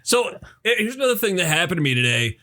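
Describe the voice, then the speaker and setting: A man co-hosting a casual music podcast, easygoing and quick to laugh. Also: high voice, sing-song, bright, forceful tone. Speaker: podcast co-host. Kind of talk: casual chat.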